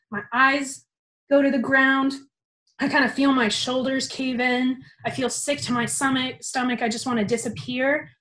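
A young woman tells a personal story with animated, casual energy and a freely swearing mouth. Her voice sits high, and her telling swings between quiet asides and vivid bursts. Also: rough recording.

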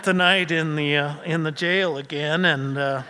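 A man's voice: on the high side, fairly even intonation, measured pace, hardly any pauses, bright, forceful tone, big-room sound, a little hiss or hum. A man from Montana telling a personal travel story in a conversational way, with frequent restarts. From Montana, USA.

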